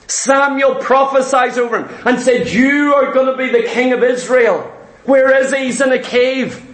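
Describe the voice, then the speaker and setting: A man with a very high voice delivers a sermon with emphatic, repetitive phrasing. His words ring out in an echoey room. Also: moderate pace. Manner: emphatic, repetitive preaching, rising to shouts. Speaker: preacher.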